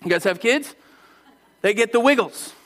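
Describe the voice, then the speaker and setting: In a church, a pastor with a fairly high voice preaches at normal speed. His sermon is animated and playful as he acts out voices and calls on the congregation to join in.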